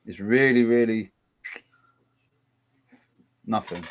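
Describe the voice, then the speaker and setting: A man's voice: fairly low pitch, takes it slowly. Chatty man doing match commentary. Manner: chatty, groans at a dull game, excited bursts at attacks. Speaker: watchalong host. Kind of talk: casual live match commentary.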